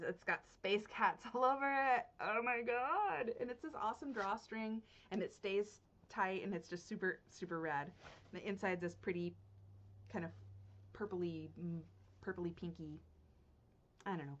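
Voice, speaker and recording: Gushing woman with a dull lo-fi sound. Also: medium pitch. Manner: gushing, excitable, laughs often, swings from hushed to loud. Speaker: knitting podcast host. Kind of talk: casual unboxing chat to viewers.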